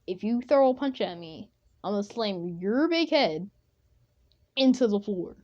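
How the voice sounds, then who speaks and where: Cocky teen ninja boy, calm threats, put on by a woman storyteller; slow, muffled. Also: mid-range voice, natural voice.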